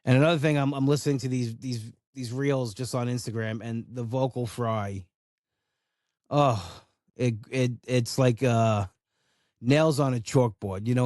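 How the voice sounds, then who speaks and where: A man hosts his own podcast alone, griping bluntly and casually with plenty of swearing. His voice sits at an ordinary middle pitch. The recording is dry and close, with no room sound. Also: a little slow, mellow, no echo. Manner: ranting, blunt and profane. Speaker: podcast host. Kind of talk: casual solo rant.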